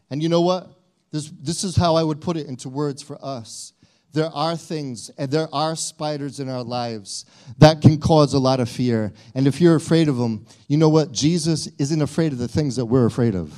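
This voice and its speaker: A man's voice: a little high, normal speed, darkish tone. A male pastor preaching a sermon in a conversational way, often repeating and restarting his phrases.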